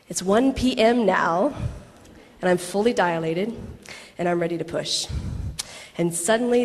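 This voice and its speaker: A woman in her thirties reads a personal story aloud before a convention audience. She tells it with laughing asides and quick acted quotes. The sound rings with the long reverb of a large hall. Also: mid-range voice. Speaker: actress reading a personal letter on stage.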